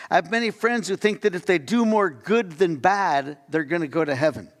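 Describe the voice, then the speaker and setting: Pastor guy preaching, kinda high gravelly voice, chatty with the crowd, big church echo. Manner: conversational preaching with audience questions and acted-out quotes. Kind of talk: sermon. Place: church sanctuary. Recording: long church hall reverb.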